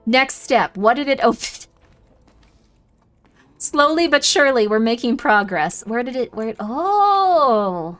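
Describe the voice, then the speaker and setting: Young woman streamer chatting w her chat while she plays, kinda high voice, faint music under. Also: animated, a little slow, fairly bright tone. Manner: chatty, reacting aloud to chat and muttering to herself. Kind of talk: casual livestream chat while gaming.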